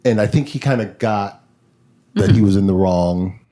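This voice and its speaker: A man, a podcast guest, retelling a personal story in a lively, casual way. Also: lowish voice, moderate pace. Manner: animated, vivid retelling.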